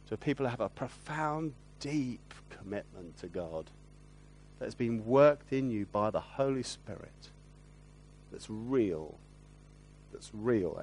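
A man's voice: medium pitch, slight background noise. Earnest man preaching a sermon. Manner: earnest, draws listeners in with tag questions.

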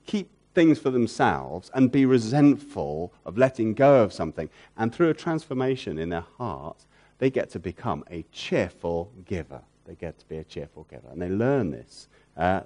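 Preaching in a voice on the low side, a man repeats key phrases for emphasis and poses rhetorical questions. He moves between loud, emphatic peaks and soft, hushed lines.

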